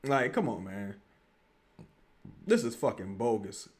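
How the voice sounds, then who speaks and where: Young guy cursing at the game live, aave, voice jumping high and low, heated. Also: big pitch swings, takes it slowly. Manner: profane, frustrated ranting with sudden loud outbursts. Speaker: streamer reacting to a live game. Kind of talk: live game reaction, watch-along.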